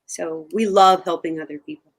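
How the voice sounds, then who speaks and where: A woman's voice: lowish voice, fairly even intonation, normal speed. An older woman and hunting show co-host, talking in a chatty, emphatic way in a casual interview. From Oregon.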